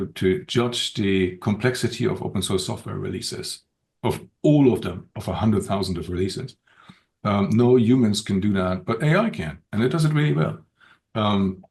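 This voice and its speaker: A man speaking as a podcast guest in an unscripted conversation, thoughtful and measured, with frequent pauses and restarts. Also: on the low side, a little mellow. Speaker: podcast guest, open-source community director.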